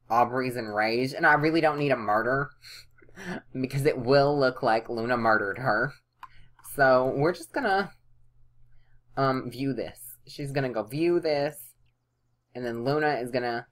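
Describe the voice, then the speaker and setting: A woman casually commenting on a life-simulation game she is playing, chatty and playful, sometimes voicing her characters' lines. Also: very deep voice. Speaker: let's play host.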